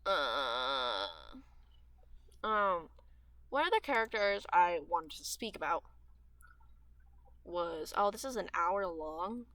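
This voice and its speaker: A woman's voice: lowish voice, big pitch swings, slow pace, pauses often, a bit bright, no room sound. A teenage girl chatting aimlessly while she plays a game, with a dry, sore throat and audible lip smacks between her rambling, restart-filled sentences. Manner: chatty and meandering, with frequent fillers and trailing restarts. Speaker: gaming streamer. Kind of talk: rambling gameplay chat.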